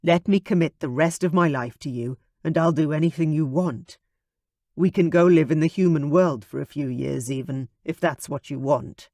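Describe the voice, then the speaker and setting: A man's voice: a little high, normal speed, mellow, no echo, clean studio sound, natural voice. A man voicing a confident young man in love in an audiobook, earnest and tender.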